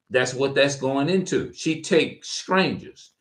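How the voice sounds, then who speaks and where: A man's voice: mid-range voice, lively intonation, slow, few pauses. A man preaching informally to camera, reading verses and repeating his points with heavy profanity. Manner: emphatic, profane, repeats himself. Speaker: street preacher.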